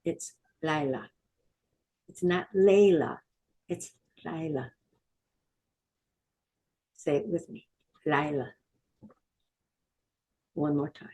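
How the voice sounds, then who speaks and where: Middle-aged lady running a hebrew drill, slow and patient, mellow low voice. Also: fairly even intonation. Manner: patient, repeats each word slowly for learners. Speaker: Hebrew teacher. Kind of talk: vocabulary lesson with call-and-repeat drills.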